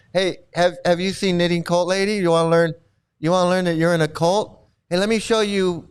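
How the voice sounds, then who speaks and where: A male streamer rants in a combative, mocking way, circling back over the same jabs again and again. His voice is high and smooth. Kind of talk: ranting commentary.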